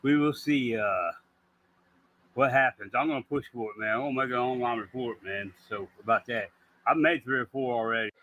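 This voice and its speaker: A man of middle pitch talks easily on a live stream. He sounds relaxed, and casual filler words run all through his speech. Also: brisk, phone-quality sound. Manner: laid-back, calling people "man".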